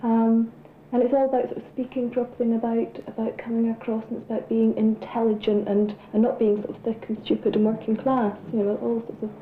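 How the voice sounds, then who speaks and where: Higher, hesitant woman, flat delivery. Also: fast, hardly any pauses, roomy sound, narrow, tinny audio, a little hiss or hum. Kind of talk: documentary conversation.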